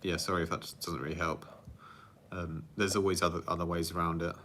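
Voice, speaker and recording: A chatty man runs a casual livestream Q&A as a music producer and rambles through viewer questions. He laughs easily and makes fun of himself. His voice sits on the low side but comes across bright and forward. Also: level tone, brisk, slight background noise. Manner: rambling, chatty, laughs often, self-deprecating.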